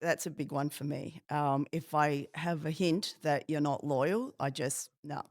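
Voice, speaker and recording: A woman of Filipino background, a padel player answering quick questions as a podcast guest, cheeky and laughing as she tells stories. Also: sits low, no room sound, studio quality. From Philippines. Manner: cheeky, laughing, animated storytelling. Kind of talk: rapid-fire question interview.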